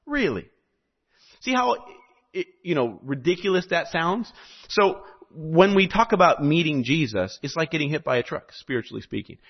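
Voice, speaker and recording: Animated male preacher with a higher voice. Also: normal speed, breathy edge. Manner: animated and conversational, with joking asides. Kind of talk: sermon. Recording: dull lo-fi recording.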